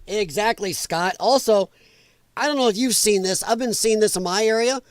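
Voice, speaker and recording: A man with a high voice rants bluntly and profanely as a livestream host. He sounds close and dry on the mic, with no room around him. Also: normal speed, no room sound. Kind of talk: ranting live commentary.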